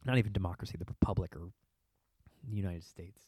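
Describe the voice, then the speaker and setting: Male podcast host with a low-leaning voice, casual and sarcastic, rambling delivery, dry close-mic sound. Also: quick pace, dark tone, slightly rough, no room sound. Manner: rambling, sarcastic, laughs often; mocking put-on quoted voices. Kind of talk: casual chat.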